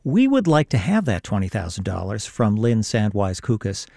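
A man's voice: sing-song, moderate pace, vocal fry, mellow, no echo, studio quality. A male radio host earnestly urging listeners to become members during a pledge drive. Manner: earnest, persuasive fundraising pitch. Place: radio studio.

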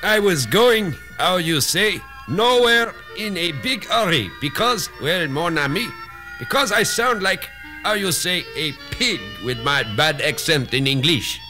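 A man's voice: high voice, animated. A man playing a customer with a mock French accent who gropes for words in a parody radio testimonial. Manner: halting, searching for words. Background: music.

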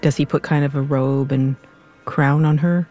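A man's voice: a little high, steady tone, normal speed, dark tone, faint music behind. A man hosting an interview, guiding the talk with clarifying questions for listeners. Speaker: interview host. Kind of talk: conversational interview.

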